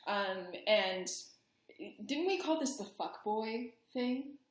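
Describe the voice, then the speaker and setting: Animated young woman, echoey room. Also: on the high side, slow pace. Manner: animated, bursts into mock-indignant voices. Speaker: astrology podcast co-host. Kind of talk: casual chat, joking chart reading.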